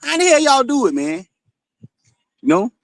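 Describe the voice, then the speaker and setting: High-voiced man rambling on. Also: very animated, moderate pace, fairly bright tone, no room sound. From Florida. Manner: rambling, swears often, many "you know"s. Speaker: streaming show host. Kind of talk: casual monologue.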